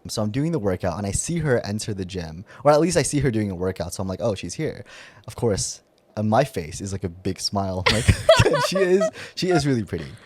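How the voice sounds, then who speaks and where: A man's voice: on the low side, a little fast. A young man co-hosting a podcast, telling a story in casual chat and laughing often. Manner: animated, laughs often, acts out his own nervous voice. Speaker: podcast co-host.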